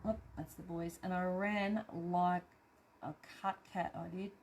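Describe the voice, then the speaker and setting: A woman's voice: lowish voice, flat delivery, measured pace, darkish tone, faint music behind. An Australian woman hosting a live craft stream, chatting casually and reading out viewer comments, laughing often and swearing cheerfully.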